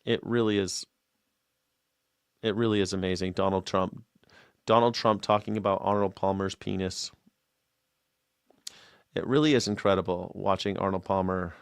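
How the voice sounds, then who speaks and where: Sarcastic host swearing, mocking the news. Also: male voice, low-pitched, fairly even intonation, normal speed, gravelly, long pauses, smooth, no room sound, clean studio sound. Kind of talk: live news reaction.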